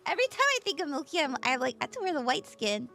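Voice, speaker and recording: A woman's voice: high-pitched, very animated, rapid-fire, pushed and bright. A bubbly, giggly woman chatting casually with her livestream audience as a tarot reader, just woken up. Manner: bubbly, giggly, greets chat by name. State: just woke up.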